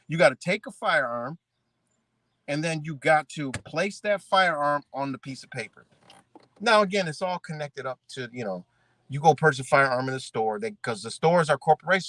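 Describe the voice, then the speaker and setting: Reading rules aloud and then picking them apart, this Rochester-area vlogger talks in a bright, forceful voice that sits a little high, recorded dry. His rant is profane and chatty, full of rhetorical questions, street slang, and a steady "right?"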